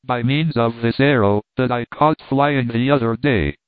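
A man's voice: medium pitch, unhurried, clean tone, no echo, lightly acted. A man voicing a loyal, practical servant who speaks earnestly and plainly. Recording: tinny phone-like dry sound.

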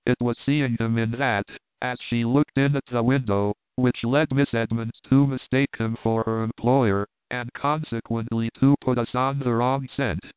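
A steady police inspector explains things in an even, measured way, as a man reads his lines. The voice sounds smooth and clear. The audio is dry and narrow, almost like a phone call. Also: medium pitch, dry recording, natural voice.

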